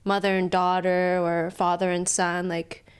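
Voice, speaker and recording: A woman's voice: fairly low pitch, level tone, a little slow, clean tone. A woman guest on a podcast, talking casually and reflectively, laughing often and speeding up when she retells a story. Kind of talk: casual chat.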